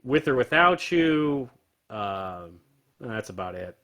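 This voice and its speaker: A man's voice: medium pitch, very animated, takes it slowly, sharp tone. A man in his thirties, a podcaster, chatting casually from his home bar and giving strong opinions with frequent laughs. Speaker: podcaster guest. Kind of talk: casual chat.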